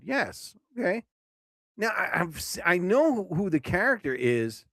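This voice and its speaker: A man hosting a live stream who reads a list aloud and keeps breaking off with jokey, excitable remarks, often stumbling over his words. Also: high voice, a little slow, no room sound, clean studio sound. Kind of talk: casual live-stream reading and commentary.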